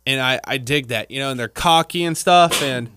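A man's voice: medium pitch, moderate pace, pushed and bright, slight background noise. A man with a Texan twang co-hosting a casual wrestling chat, rambling and full of fillers. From Texas. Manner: rambling, filler-heavy, chatty. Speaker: podcast co-host.

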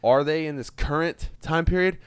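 Swearing, animated man with a smooth voice. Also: fairly high pitch, moderate pace, no echo. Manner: animated, swears freely, laughs easily. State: hiccuping. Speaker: podcast co-host. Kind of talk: casual wrestling chat.

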